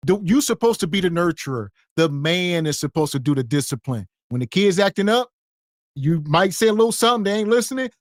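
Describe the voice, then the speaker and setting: A blunt male co-host who lectures his audience in a preachy tone, with a slightly raised pitch and a close, dry sound. He talks straight at the listener as though handing out instructions. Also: no echo. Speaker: podcast co-host. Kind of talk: lecturing commentary.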